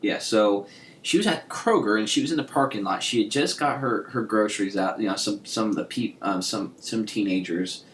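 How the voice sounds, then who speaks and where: Guy co-hosting a podcast, kinda low voice, rambly, restarts a lot, echoey room w/ faint hiss. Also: normal speed, fairly bright tone. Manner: rambling, many restarts, laughs often. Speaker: podcast co-host. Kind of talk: casual chat.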